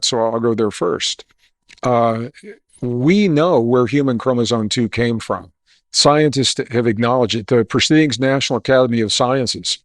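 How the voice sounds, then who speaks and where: A man guesting on an interview talks with confident, explanatory energy, shifting between storytelling and lecturing. His voice sits at a middle pitch, and the sound is dry. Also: dry recording. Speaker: guest author.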